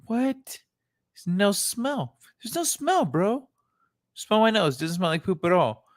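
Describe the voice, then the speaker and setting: A man's voice: high-pitched, very animated, takes it slowly, dry recording, clean studio sound, voice pushed up, heavily acted. A man voicing a baffled, indignant male llama, incredulous and swearing.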